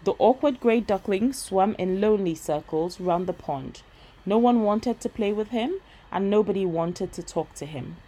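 A woman reading a bedtime story aloud in a gentle, steady voice. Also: mid-range voice, moderate pace, rough recording.

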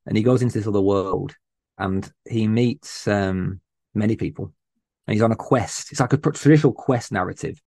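A man's voice: fairly low pitch, normal speed, vocal fry, darkish tone, dry recording. A man, a guest on a podcast, chatting casually and talking with earnest passion about a favorite book character. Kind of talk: casual chat.

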